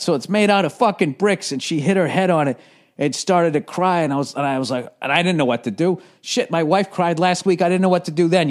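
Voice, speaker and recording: Comedian host, man, forties, slightly high voice, swearing through a self-mocking story. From United States. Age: 40s. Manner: profane, rambling, self-deprecating. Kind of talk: casual comedic storytelling monologue.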